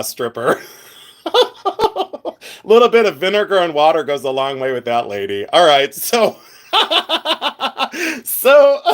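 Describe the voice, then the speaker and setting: A man's voice: sits high, a bit bright. A man hosting a live stream about gems, chatting casually with viewers, giggling often and rambling into asides. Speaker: livestream host showing gems.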